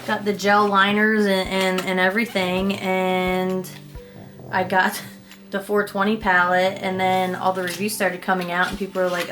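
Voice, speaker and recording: A woman's voice: medium pitch, steady tone, a little slow, pauses often, fairly bright tone, faint music behind. A young woman vlogger chatting casually about her makeup, rambling and self-deprecating, with casual swearing. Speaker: beauty vlogger. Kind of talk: casual makeup declutter chat.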